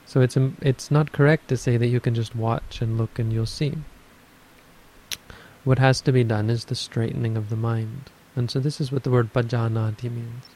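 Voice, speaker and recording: A man giving a dharma talk on meditation, explaining in a measured way and thinking aloud as he goes. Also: mid-range voice, level tone, a little mellow, low-quality recording. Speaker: meditation teacher.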